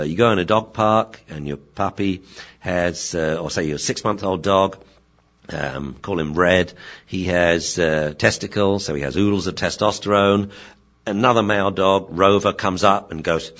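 Deep-voiced man explaining dog behavior. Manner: lively storytelling, acting out scenes. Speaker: veterinarian and dog trainer. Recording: dull lo-fi sound.

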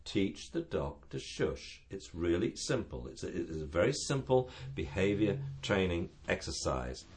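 A man's voice: low voice, big pitch swings, measured pace, hardly any pauses. A man who trains dogs, chatting on a talk show and acting out dogs and owners in funny voices. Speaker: dog trainer and show guest expert. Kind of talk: casual radio chat.

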